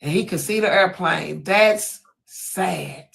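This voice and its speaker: A woman's voice: on the low side, slow, vocal fry, fairly bright tone. A woman with a drawl hosts a casual live stream. She speaks from the heart and is close to tears, with her emotions running just under every line. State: on the verge of tears. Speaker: host of a live online mock court.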